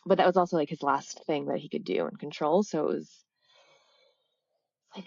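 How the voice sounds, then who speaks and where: Woman in her 30s, lowish voice, mellow dark tone, halting reflective storytelling, podcast guest. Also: expressive, vocal fry, dry recording, dull audio. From United States. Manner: halting and reflective, with many "like" fillers and self-corrections. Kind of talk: candid personal storytelling in a casual interview.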